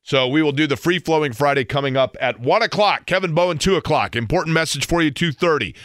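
A man's voice: fairly high pitch, quick pace, fairly bright tone, no echo, clean studio sound. A middle-aged man hosting a sports talk radio show, rambling playfully and poking fun at himself. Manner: rambling, playful, self-mocking.

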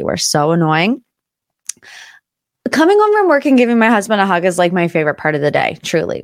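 A young woman from Northeast Ohio hosts her own pop culture podcast, chatting casually in a bubbly, rambling style. Her voice sits lowish, and the recording is dry and studio quality.

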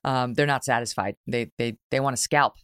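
A woman's voice: a bass voice, fairly quick, a bit bright, smooth, no echo. Blunt lady talk host, laughs a bunch, dry close mic. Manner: blunt, laughs often, swears. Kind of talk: casual interview chat.

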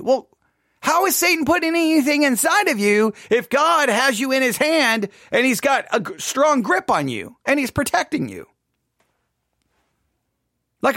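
A man's voice: very high-pitched, a bit bright, no room sound, clean studio sound. A man reviewing a sermon in critical commentary, perplexed and questioning, often stammering as he restarts his thoughts. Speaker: podcast host reviewing a sermon.

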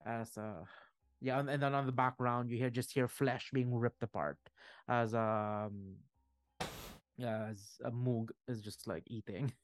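A man running a tabletop game as game master, narrating in a halting way with many fillers. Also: mid-range voice, fairly even intonation, no room sound. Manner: hesitant, filler-heavy narration.

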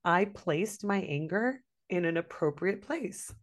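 A woman co-hosting a podcast, telling a story in casual chat with lively, profane delivery and acted-out quotes. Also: fairly low pitch, measured pace. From Latin American family. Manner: animated, swearing, acts out quoted voices. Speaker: podcast co-host.

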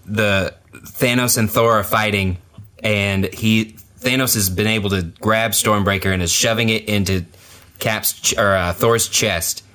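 Bright-voiced man telling a story animatedly. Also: on the low side, unhurried. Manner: animated storytelling, acts out reactions. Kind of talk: casual chat.

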